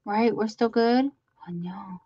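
Slow-talking woman hosting a live stream. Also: medium pitch, warm tone, dry recording, dull audio. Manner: chatty, reads viewer comments aloud and greets them by name. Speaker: host of a live crafting stream. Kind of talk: casual live-stream chat.

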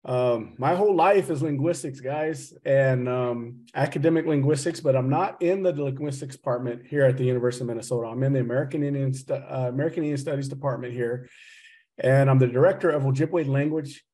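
A middle-aged man from Oklahoma, an associate professor and speaker, lectures on a video call in a loose, joking way. His mid-range voice has a dark tone, a slight Southern drawl, and a brisk pace. He comes across as chatty and teasing.

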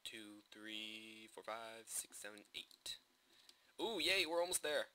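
Excitable man with a bright voice. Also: lowish voice. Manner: excitable, jokey, quick bursts of alarm. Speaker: gamer commentating his own play. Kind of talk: casual gameplay commentary.

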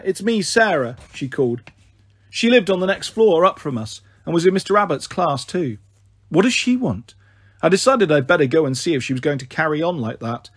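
A man reading a children's novel aloud in steady, expressive first-person narration. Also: on the high side, breathy edge, no echo. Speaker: storyteller. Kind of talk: children's book read aloud.

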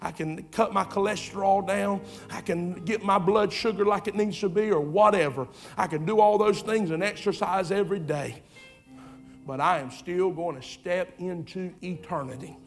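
Male pastor, high voice, fervent repetitive sermon delivery over soft music. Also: moderate pace, gravelly. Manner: impassioned, repetitive, swinging from loud urging to quiet asides. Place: church sanctuary.

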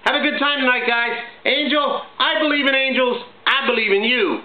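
A middle-aged man hosting his own vlog, talking in a chatty, upbeat, jokey way full of shout-outs. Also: extremely high pitch, steady tone, normal speed. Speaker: vlog host. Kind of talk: casual home vlog monologue. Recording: echoey, tinny phone-like sound, faint hiss.

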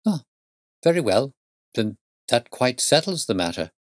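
A man voicing an eccentric middle-aged gentleman who talks in a coaxing, fussy way with rising emphasis. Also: mid-range voice, sing-song, a little slow, no room sound, clean studio sound. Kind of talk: audiobook reading.

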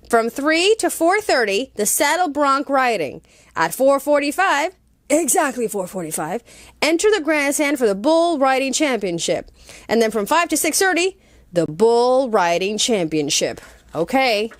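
A woman's voice: fairly high pitch, no echo. Playful woman reading a kids' story. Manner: playful, adds sound effects and asides. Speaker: storyteller for children.

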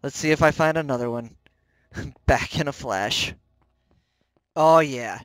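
A man hosting a game let's play, commenting on his own play with jumpy, excitable reactions, yelps and self-mockery, close to the microphone. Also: medium pitch, slow, smooth, dry recording. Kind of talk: gameplay commentary.

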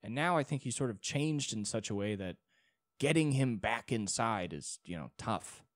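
A man's voice: fairly low pitch, expressive, normal speed, dry recording, studio quality. A young man hosting a solo podcast, rambling in a casual monologue with many restarts and frequent swearing. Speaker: podcast host.

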